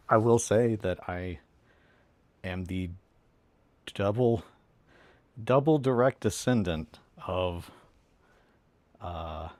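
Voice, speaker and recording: A man with a fairly low voice chats casually while he builds models. He rambles, swears freely and restarts sentences. He sits right on a close mic in a dry, dead room. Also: a little mellow, no echo. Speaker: hobby streamer. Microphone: close desk mic.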